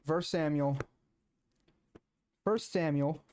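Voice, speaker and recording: A man streaming, talking casually and then reading scripture aloud in a halting way, with many filler sounds and restarts. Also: a little high, darkish tone, a little hiss or hum.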